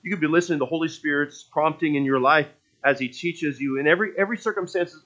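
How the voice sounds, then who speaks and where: A man's voice: on the high side, fast, a bit bright, muffled recording. A man preaching a sermon in a conversational, storytelling way, often restarting his phrases.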